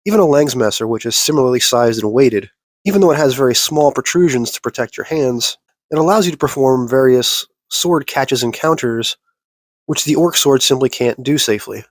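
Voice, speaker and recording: A man's voice: mid-range voice, brisk, no room sound. A young man with a stuffy, nasal voice from a cold, explaining how to use a sword in an instructional video with dry joking asides. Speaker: martial arts instructor.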